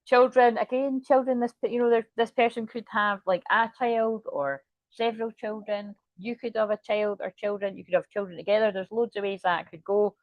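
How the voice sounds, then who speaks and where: A woman's voice: fairly high pitch, steady tone, normal speed, dry recording, muffled recording. A woman doing a casual, rambling tarot reading and swearing now and then. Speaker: tarot reader.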